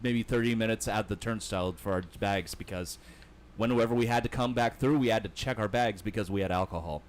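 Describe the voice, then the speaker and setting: A man's voice: fairly low pitch, a little fast. Casual man, podcast host. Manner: laughs often, swears casually. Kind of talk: casual chat.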